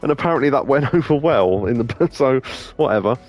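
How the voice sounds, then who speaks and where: A man's voice: mid-range voice, lively intonation, brisk, a little mellow, dull audio. A man chatting casually over gameplay, rambling through stories with many restarts and laughs. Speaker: let's play host.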